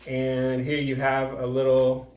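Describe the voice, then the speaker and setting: Male art teacher, mid-pitched, patient, step-by-step delivery for young children; reverberant room. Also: monotone, slow pace, darkish tone, a little hiss or hum. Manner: patient step-by-step explaining with fillers.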